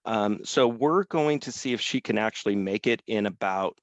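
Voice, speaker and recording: A man's voice: fairly low pitch, normal speed, no room sound, highs cut off. A man hosting a webinar over a video call, talking loosely with many fillers. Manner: loose, filler-heavy, apologetic. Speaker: webinar host, sales team member. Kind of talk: casual webinar talk.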